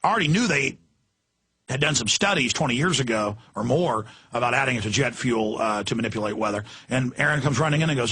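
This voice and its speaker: A man hosting a talk radio show, ranting with impassioned intensity, swinging between yelling and hushed urgency. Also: mid-range voice, lively intonation, fast, husky.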